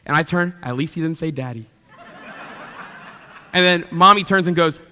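A man's voice: fairly high pitch, measured pace, bright, forceful tone, big-room sound, slight background noise. A young adult man preaching a sermon from a church stage, telling stories with animation and playful asides to the congregation. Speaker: pastor.

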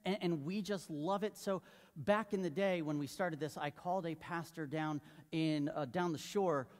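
A man's voice: on the high side, moderate pace. A male pastor preaching a sermon in a loose, conversational way, joking and putting questions to the congregation. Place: church sanctuary. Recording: long reverb of a large hall.

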